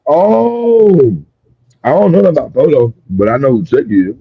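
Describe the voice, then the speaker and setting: A man's voice: medium pitch, very animated, quick pace, breathy edge, no room sound, narrow, tinny audio. A man telling a long, profane story in a rambling way during a street interview, with many restarts and fillers. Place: outdoors on a city street.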